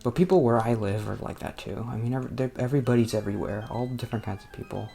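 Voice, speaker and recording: A man from New Jersey hosts a let's play in a gravelly, warm, mid-range voice, speaking at a quick pace over soft background music. He rambles casually and hesitantly, with plenty of fillers, breaking off mid-thought and muttering to himself at the game.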